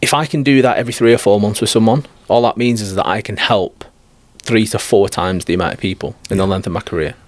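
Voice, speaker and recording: A man's voice: fairly low pitch, fast, hardly any pauses, no room sound. A man talking as a life coach guest on a podcast, blunt, direct and emphatic. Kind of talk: podcast conversation.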